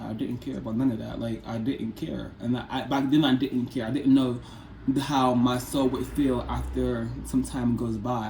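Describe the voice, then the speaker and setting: A man's voice: medium pitch, a little mellow. A man in his twenties telling a personal story in a casual vlog, rambling and repeating himself with lots of fillers. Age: 20s. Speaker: vlogger. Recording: echoey room, faint background noise.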